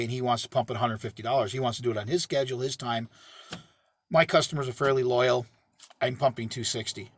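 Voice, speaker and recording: Middle-aged working man, plainspoken and rambly, mid-pitched, recorded dry in a truck cab. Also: a bit bright, dry recording. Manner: rambling, self-correcting, plainspoken. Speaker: septic pumping business owner. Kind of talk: casual talk to camera. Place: inside a parked work truck.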